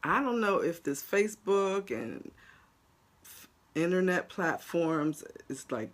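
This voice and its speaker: This woman's fairly low voice moves at a slow pace during a casual livestream chat. She's a New Jersey life coach with the local accent, talking bluntly and straight to her viewers. Her animated delivery is full of laughs.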